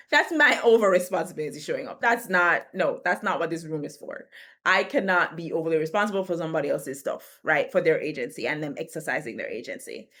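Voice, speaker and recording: A woman's voice: low voice, lively intonation, brisk, fairly bright tone. Chatty woman in her thirties, laughing often. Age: 30s. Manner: chatty, laughs often, repeats words as she rethinks. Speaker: video creator. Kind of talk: casual direct-to-camera talk.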